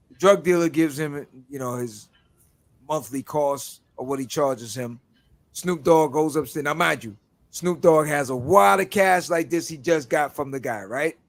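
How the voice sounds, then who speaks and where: A man hosting a podcast in a dry, close-sounding room, with a voice a little higher than most men's. He tells stories in a casual, animated way and acts out the lines of the people in them. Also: no echo. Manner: animated storyteller, acts out quotes. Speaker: podcast host. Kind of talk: casual podcast chat, storytelling.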